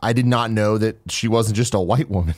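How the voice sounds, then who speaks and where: A man's voice: on the low side, brisk, dry recording, clean studio sound. A man co-hosting a podcast, talking in a laid-back, slangy way and laughing often. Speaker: podcast co-host. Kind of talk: casual chat.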